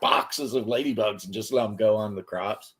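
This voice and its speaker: A man's voice: lowish voice, moderate pace, slightly rough. A man co-hosting a casual podcast chat, telling stories and acting out the voices of the people in them. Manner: animated storyteller acting out quoted voices.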